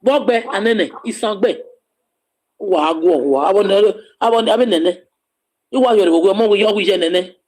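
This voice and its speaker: A Nigerian man in joking casual banter, teasing the others, laughing often and breaking into loud bursts. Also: high-pitched, measured pace.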